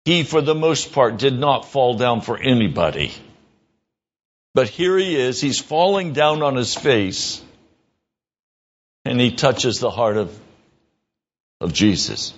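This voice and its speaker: A man's voice: very animated, lo-fi sound. A man preaching an earnest, emphatic radio sermon as a pastor. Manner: earnest preaching, slow and emphatic, rising in pitch when pressing a point.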